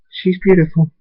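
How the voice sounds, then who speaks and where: A man voicing a shy, gentle young female pegasus pony who speaks softly and hesitantly. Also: high voice, husky, highs cut off, pitched above the performer's own voice, heavily acted.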